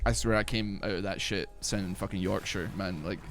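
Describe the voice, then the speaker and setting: A man's voice: sits low, steady tone, brisk, fairly bright tone, faint music behind. A young man streaming a video game, chatting casually in a rambling, profane way with many filler words. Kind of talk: casual chat while playing a video game.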